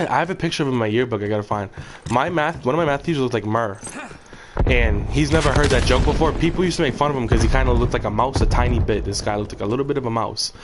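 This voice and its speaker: A young man streaming a game, rambling in profane casual chat full of fillers. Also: medium pitch. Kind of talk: casual chat while gaming. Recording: game gunfire noise behind.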